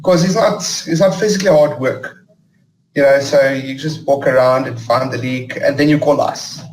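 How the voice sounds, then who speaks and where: A man from South Africa with a South African accent, chatting relaxed as a guest about his plumbing business. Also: mid-range voice, normal speed, reverberant, slight background noise, rough recording. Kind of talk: casual interview chat.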